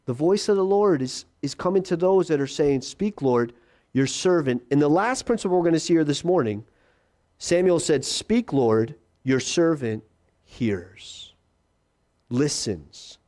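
A male pastor preaching a sermon in a conversational way, repeating key phrases and slowing down for emphasis. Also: on the high side, animated, warm tone.

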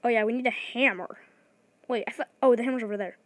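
A woman giving excited gameplay commentary, talking fast and restarting her sentences often. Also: fairly high pitch, no echo. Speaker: gaming video creator.

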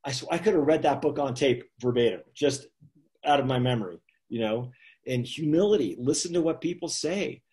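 Animated man telling stories. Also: mid-range voice, brisk. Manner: animated anecdotes with many "you know" asides and chuckles. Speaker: author guest. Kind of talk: casual storytelling on a live video chat.

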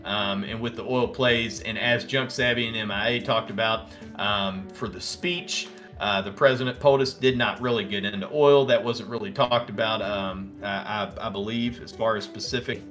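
A man with a Southern American accent hosts a live trading stream, rattling off tickers and percentages between replies to his chat. His voice is bright and forward, and it jumps up with excitement when a stock runs. Faint music plays underneath. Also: lowish voice, normal speed, hardly any pauses. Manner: excitable, reads out tickers and prices, answers chat. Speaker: stock trading livestream host. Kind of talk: casual live market commentary.

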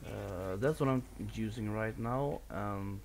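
This gameplay commentator is a man from Sweden who speaks with a Swedish accent, narrating his own video game play casually and live. He's somewhat nervous, swears, and laughs at himself, his voice on the low side, slow, creaky, and darkish, with slight background noise.

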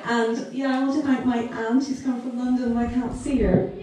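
A woman giving a warm, emotional launch speech to a crowd, laughing often and poking fun at herself. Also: on the high side, flat delivery, normal speed. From Ireland. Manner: laughing, self-deprecating, fond of asides. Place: large hall in a castle. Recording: very echoey hall, voice far from the mic, crowd in the background.

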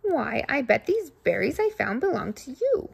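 A talkative lady goose in a sunbonnet who always tells the truth, chattering on and on, as a woman puts her on. Her voice sits high with a husky, gravelly texture. A prim storybook figure. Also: sing-song, moderate pace, exaggerated voice. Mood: chatty.

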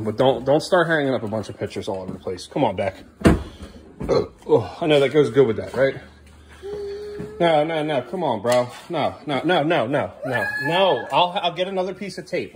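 Frustrated dad scolding his kid, lively pitch swings, background noise clearly audible. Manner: exasperated, scolding, loud and sharp at times. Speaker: father. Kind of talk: family home vlog.

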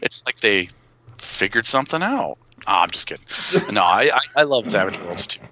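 A man's voice: lowish voice, animated, normal speed, pushed and bright, slight background noise. A man co-hosting a casual podcast, joking and rambling with many restarts. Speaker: podcast co-host.

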